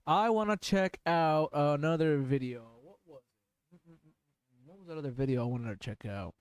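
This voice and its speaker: A man's voice: on the high side, moderate pace, clean tone, no room sound. A man chatting casually on a live stream, loose and profane with slang.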